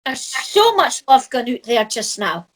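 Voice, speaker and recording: Scottish woman, middle-aged, high bright voice, chatty spiritual teacher who laughs a lot. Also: measured pace. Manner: lively storyteller who laughs often. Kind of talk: casual chat.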